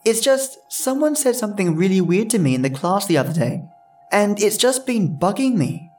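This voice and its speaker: A man's voice: sits high, sing-song, normal speed, darkish tone, distant mic, soft background music, pitched above the performer's own voice. A man voicing a worried young woman in a horror story. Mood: uneasy.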